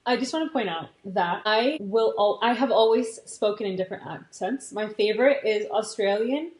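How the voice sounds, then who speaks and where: A woman's voice: medium pitch, animated, normal speed, roomy sound. A woman co-hosting a podcast in casual, playful chat, laughing often. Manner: giggly, playful. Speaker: podcast co-host.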